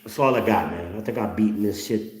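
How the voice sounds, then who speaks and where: A man's voice: on the low side, fairly quick, darkish tone, reverberant. A middle-aged man hosting a blunt, profane, mocking rant. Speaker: host. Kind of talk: ranting commentary.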